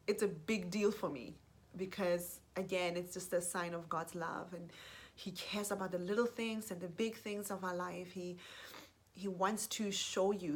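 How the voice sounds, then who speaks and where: A woman with a lowish voice gives a gushing Christian testimony to the camera, with slight background noise audible. She often begins sentences again, softens her voice to read scripture aloud, and closes with blessings for those listening.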